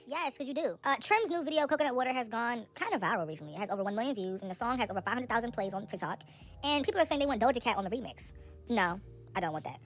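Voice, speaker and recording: A young woman rattles through celebrity gossip at a brisk clip, her voice sitting a little high. She is chatty and sassy, tossing in quick asides as she goes. Faint music plays underneath. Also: animated, a bit bright. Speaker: entertainment gossip vlogger. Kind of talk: casual gossip commentary.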